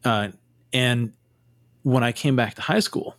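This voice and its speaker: A man's voice: mid-range voice, unhurried, no echo, clean studio sound. A man from California hosting a podcast interview, easygoing and teasing, rambling with fillers. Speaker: podcast host. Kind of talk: casual interview chat.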